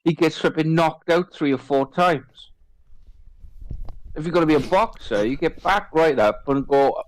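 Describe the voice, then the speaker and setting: A man's voice: on the high side, normal speed, rough recording. A man talking reflectively in casual chat, comparing trading to boxing.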